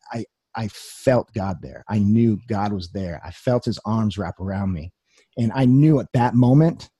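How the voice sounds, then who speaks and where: Earnest man telling his story, mellow husky voice. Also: lowish voice, no room sound, clean studio sound. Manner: earnest storytelling with wry humor. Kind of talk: personal testimony talk.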